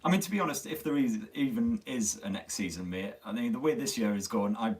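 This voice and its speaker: A man's voice: mid-range voice, animated, brisk, darkish tone. A man from Sunderland with a Northern English accent, chatting casually as host of a live tech stream, swearing freely and poking fun at himself, his voice a little worn. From Sunderland, North East England. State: slightly losing his voice. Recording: distant mic on a phone stream.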